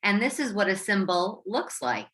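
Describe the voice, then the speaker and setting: A woman teacher with an American accent giving a slow, encouraging phonics lesson to young students, stretching out sounds and syllables. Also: medium pitch, big pitch swings, a bit bright. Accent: American English. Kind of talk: slow, clear classroom instruction for young learners.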